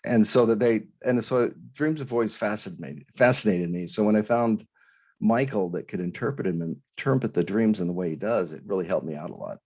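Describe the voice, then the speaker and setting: A man from Idaho recounts a personal experience as an interview guest, his voice low-set and somewhat husky. He talks earnestly and haltingly, restarting phrases and acting out the voices he heard. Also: expressive, a little mellow. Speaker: guest, author. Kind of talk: storytelling interview.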